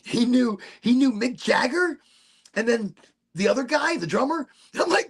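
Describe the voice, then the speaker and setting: Man, podcast host, casual storytelling, rambling, lively pitch, raspy. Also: normal speed. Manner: rambling, swears a lot, repeats himself.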